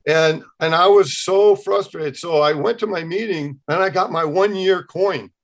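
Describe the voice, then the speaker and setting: A man in his sixties appears as a podcast guest to give a personal faith testimony, telling it animatedly and acting out the dialogue he quotes. His voice sits high and his pace is unhurried.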